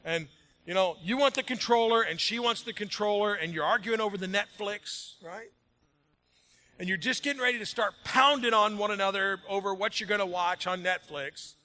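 Speaking at a moderate pace in a voice that sits high and sounds pushed and bright, a male pastor preaches to a congregation in a large room. He jokes and chats as his energy climbs, then moves into reading scripture.

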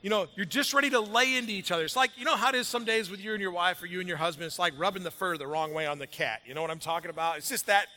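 A man's voice: high-pitched, racing, few pauses, pushed and bright. A man preaching a sermon to a congregation, conversational and jokey, building energy and then settling into reading scripture. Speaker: pastor. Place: large room with congregation.

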